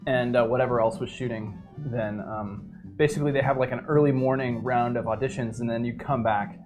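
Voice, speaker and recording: A man's voice: mid-range voice, fairly even intonation, a little fast, darkish tone, faint music behind. A man who acts, telling a long story in casual chat, rambling with many ums and restarts. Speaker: actor telling a story on a stream. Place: indoors at a painting table.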